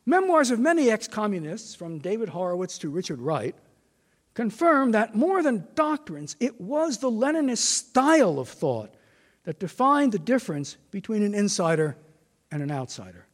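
An older man giving a formal prepared lecture, measured, reading quotations with emphasis. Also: high voice, sing-song. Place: lecture hall. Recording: long reverb of a lecture hall.

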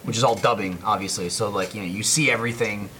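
A man's voice: fairly low pitch, steady tone, quick pace, sharp tone, slight background noise. A man from New Jersey, co-hosting a casual chat and slipping into playful put-on voices. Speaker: podcast co-host and voice actor.

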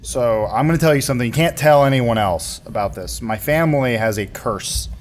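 A man speaking in character as a tabletop role-play player, sharing secrets in a halting, conspiratorial way. He stammers and restarts often, and his voice sits at a middle pitch. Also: soft background music.

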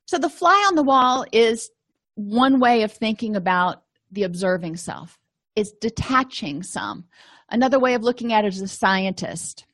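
A woman's voice: mid-range voice, expressive, moderate pace, fairly bright tone, no room sound. Woman teaching therapy concepts, dry sound. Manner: conversational, explains with everyday examples. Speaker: counselor and educator. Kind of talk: lecture-style teaching.

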